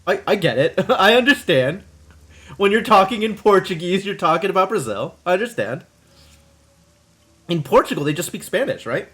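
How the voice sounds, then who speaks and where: A man's voice: high-pitched, animated, normal speed, a bit bright. A young man streaming a video game, chatting animatedly with his audience and laughing often. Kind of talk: casual live-stream commentary.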